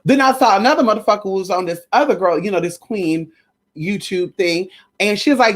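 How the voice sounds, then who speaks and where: A woman's voice: medium pitch, a little fast. A woman vlogger ranting to her viewers in a casual, profane, emphatic way, sometimes slipping into a preachy, sermon-like tone. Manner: profane, emphatic, animated storytelling. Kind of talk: casual rant to camera.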